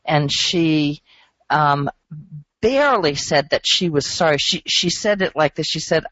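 A woman talking in an animated, emphatic and incredulous way as a regular on a radio show. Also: low-pitched, a little slow, dry recording. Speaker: radio show regular who works with traders. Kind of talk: casual radio talk. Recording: dull, dry radio sound.

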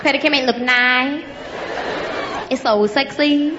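A woman's voice: high voice, slow, big-room sound, highs cut off, very noisy. Lady doing a pushy nail salon lady, broken english, calls you honey, live comedy club, crowd roaring. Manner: wheedling, calls everyone honey. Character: pushy upselling female nail salon worker. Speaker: stand-up comedian. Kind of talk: stand-up comedy bit. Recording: live comedy club recording with loud audience.

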